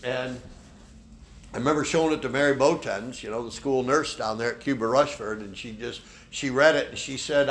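A man's voice: medium pitch, fairly quick, a bit bright, slight background noise. A man preaching a sermon as pastor, who often ends his points with a questioning "okay?". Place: church.

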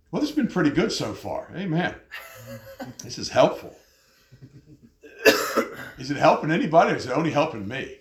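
A man preaching a sermon with an animated delivery, often jumping high in pitch as he acts out angry people. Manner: animated, jumps to high pitch when mocking others. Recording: echoey room.

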